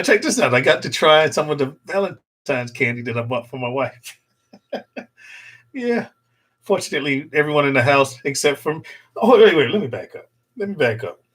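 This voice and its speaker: A middle-aged channel host chats casually with his viewers on a livestream from home, speaking into a desktop USB mic. His voice is medium-pitched with a fairly bright tone, and he rambles, jokes and laughs often.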